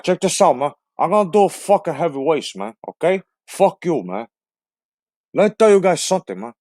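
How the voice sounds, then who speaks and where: A guy putting on a cocky cuban gangster voice, trash-talking, pitched up high, bone-dry sound. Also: a little mellow, no room sound. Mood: taunting. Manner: brash, taunting, ends phrases with "man". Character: swaggering foul-mouthed male Cuban gangster.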